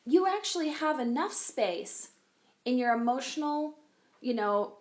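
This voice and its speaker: Woman, 40s, earnest podcast co-host, slightly high voice, reflective, leans on key words. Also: lively intonation. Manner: earnest, reflective, slows down to stress points. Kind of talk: casual chat.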